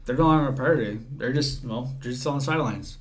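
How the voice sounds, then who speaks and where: Young man, 18, podcast guest, rambling casual talk, acts out messages, medium pitch. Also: quick pace. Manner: rambling, acts out text exchanges. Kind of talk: casual chat.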